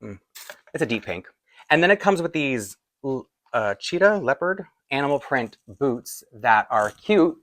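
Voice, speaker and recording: A man's voice: medium pitch, sing-song, unhurried, a bit bright, no room sound. A man with a Canadian accent chatting casually through a doll unboxing, rambling with frequent little laughs. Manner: rambling, chatty, laughs often between asides. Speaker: doll collector vlogger.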